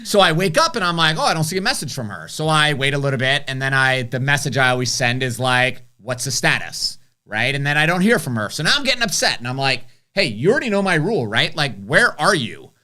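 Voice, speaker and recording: A man's voice: medium pitch, big pitch swings, a little fast, hardly any pauses, pushed and bright. A man co-hosting a casual live stream, telling stories candidly and swearing now and then. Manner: candid storytelling, mildly profane. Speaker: co-host.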